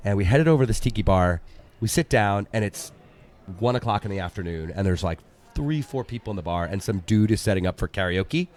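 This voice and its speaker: A man's voice: lowish voice, lively intonation, fairly quick, darkish tone. A man co-hosting a podcast, telling a long story in a rambling way, with lots of fillers. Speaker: podcast co-host. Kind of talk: casual chat.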